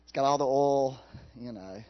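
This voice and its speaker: A man preaching a sermon in a folksy, animated way, laughing at his own jokes. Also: mid-range voice, moderate pace, lo-fi sound.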